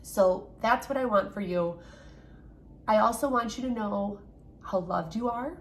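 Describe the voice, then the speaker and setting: A woman's voice: medium pitch, measured pace, a little hiss or hum. A woman teacher recorded at home, talking earnestly and encouragingly straight to her young students in a farewell message. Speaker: third-grade teacher.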